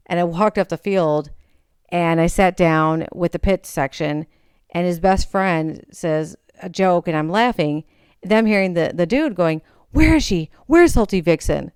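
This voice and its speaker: In a clear, resonant, lowish voice, a young podcast host tells a personal story at an unhurried pace, bringing the characters to life by animatedly acting out their voices. The recording is dry and studio quality.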